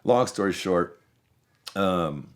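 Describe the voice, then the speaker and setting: A man's voice: sits low, expressive, slow. A man in his thirties hosting a podcast, telling long, rambling stories in casual chat and swearing freely. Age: 30s. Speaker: podcast host.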